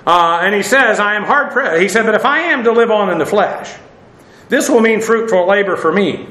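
A man's voice: high voice, lively intonation, moderate pace, pushed and bright, echoey room. A man preaching a casual sermon, chatty, with wry asides and many fillers.

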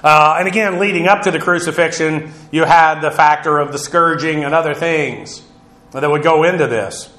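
A man with a fairly high, bright, forceful voice teaches a Bible lesson in a lecturing way. He fills his pauses with "uh" and often repeats and rephrases himself. The room around him is echoey and full of reflections. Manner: lecturing, frequent "uh" fillers, stops to repeat and rephrase. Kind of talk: verse-by-verse Greek Bible lesson.

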